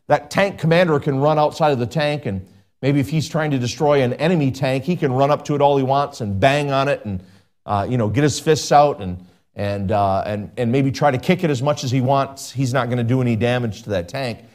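Male pastor, mid-pitched voice, emphatic sermon delivery with sweeping rises and repetition. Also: darkish tone.

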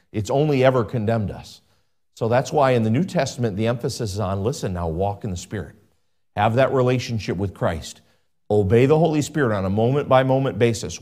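A man preaching a sermon as pastor, asking his listeners frequent questions and swinging between loud emphatic lines and low quiet asides. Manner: asks the congregation frequent questions.

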